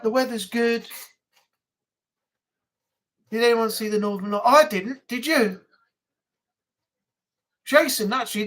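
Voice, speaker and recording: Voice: medium pitch, a bit bright. A live-stream host from England chatting casually and rambling, reading out viewer comments and ranting a little.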